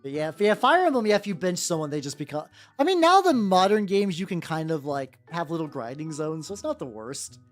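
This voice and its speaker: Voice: medium pitch, big pitch swings, a little fast, few pauses, soft background music. A streamer chatting casually while painting miniatures, rambling with lots of "like" fillers and restarts, answering chat as they go.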